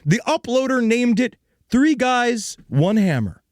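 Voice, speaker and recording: A man's voice: very high voice, very animated, unhurried, dry recording, studio quality. An American man hosting a comedy podcast, narrating a true crime story in a playful, theatrical way. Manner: playful, theatrical, laughs often.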